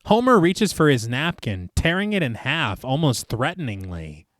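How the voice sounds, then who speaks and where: A man's voice: mid-range voice, moderate pace, no echo, clean studio sound. A man co-hosting a podcast, narrating a film scene by scene and quoting its lines with gusto between casual asides. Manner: animated storyteller, quotes lines with gusto. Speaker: podcast co-host recapping a film.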